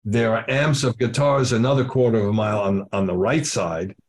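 A man's voice: on the low side, fairly even intonation, a little fast. An older man, a drummer being interviewed, telling a story with lots of acted-out quotes and casual swearing. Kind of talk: animated anecdote telling.

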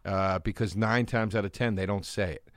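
A man's voice: fairly low pitch, steady tone, normal speed, dry recording. A man, a guest comedian, telling rambling, self-deprecating stories in casual chat.

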